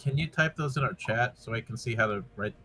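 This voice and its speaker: A man's voice: mid-range voice, a little fast, sharp tone. A man joking as a player in a tabletop game, tripping over repeated words. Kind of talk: casual chat.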